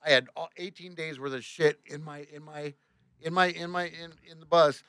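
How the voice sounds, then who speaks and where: A man with a fairly high, bright and forceful voice spins a story on a podcast about his work as a tour bus driver. He swears freely, keeps the tale lively and plays out every line of the exchange himself. The sound is dry and close. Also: normal speed, smooth, no room sound. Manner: animated, profane, reenacts dialogue with "I go, he goes".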